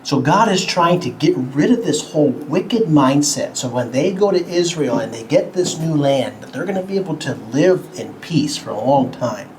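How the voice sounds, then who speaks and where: A man teaching a Bible lesson to children at home, talking slowly and simply, a bit cartoonish, and asking the kids questions. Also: on the high side, animated, a little mellow, a little hiss or hum, low-quality recording.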